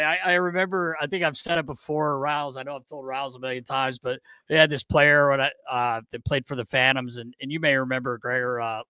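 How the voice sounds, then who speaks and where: Guy cracking up telling old locker room stories, bright tense voice, dry sound. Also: mid-range voice, no room sound. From Philadelphia. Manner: animated, laughs often, swears. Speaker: podcast co-host, former player. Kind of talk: casual storytelling chat.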